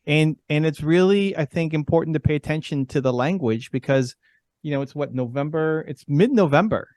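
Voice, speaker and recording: Motivational guest speaker, man, slightly high voice, earnest, dry close sound. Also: fairly quick, a little mellow, dry recording. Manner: earnest, encouraging, repeats for emphasis. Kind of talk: motivational talk.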